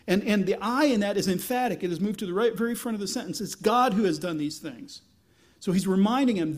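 Male pastor, high voice, casual wry sermon delivery, animated scripture reading. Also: a little fast.

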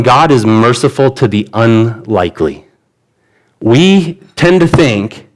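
A man's voice: medium pitch, poor audio. A man, a pastor, preaching a sermon and retelling a Bible story in an easy conversational way, voicing the characters' lines.

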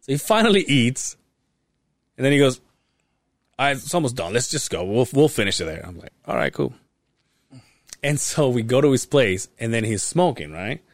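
Animated, swearing man telling a story. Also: mid-range voice, moderate pace, long pauses, dry recording, clean studio sound. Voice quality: profane, animated retelling with quoted voices. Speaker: podcast co-host. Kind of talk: casual storytelling chat.

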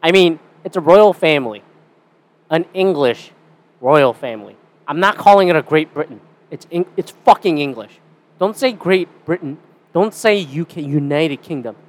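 A young Canadian man talks alone into a podcast mic in a loose, rambling rant. He swears constantly and drifts between sarcastic asides. His voice sits a little above the usual male pitch. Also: expressive, moderate pace. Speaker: podcast host. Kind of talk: casual solo podcast rant.

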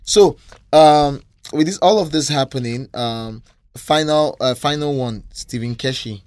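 A man's voice: a little high, a little slow, a little mellow, dry recording. A Nigerian man co-hosting a casual talk show, emphatic and repeating himself when heated. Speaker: podcast co-host. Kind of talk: casual chat.

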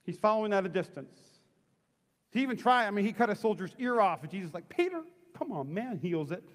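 Man, middle-aged pastor, sermon, lively voices for the story figures, high pitch. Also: fast talker, in a large hall. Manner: animated, acts out voices of people in the story. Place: church sanctuary.

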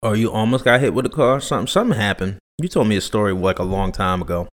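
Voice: mid-range voice, fast talker. A co-host in casual chat who jokes bluntly, asks questions and swears freely. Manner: blunt, joking, profane.

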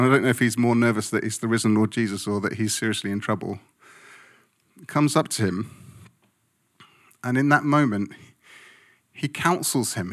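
A man's voice: medium pitch, a bit bright. A man preaching a sermon as a pastor, speaking emphatically and conversationally, often checking in with his listeners.

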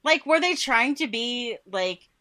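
A woman co-hosting a casual podcast discussion, chiming in with quick reactions and side remarks. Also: on the high side, lively intonation, a crowd in the background. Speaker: podcast co-host.

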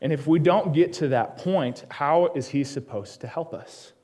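A man preaching a personal sermon in a church, telling his story and turning to ask the congregation quick questions, going quiet and low on the solemn lines. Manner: drops to a hushed tone on solemn lines. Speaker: pastor.

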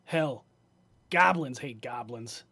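A man voicing a crude, reformed male goblin thief, with a grating, nasal voice and a loud, blunt, swearing manner. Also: mid-range voice, animated, slow pace, gravelly, full character voice. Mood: crude, defiant.

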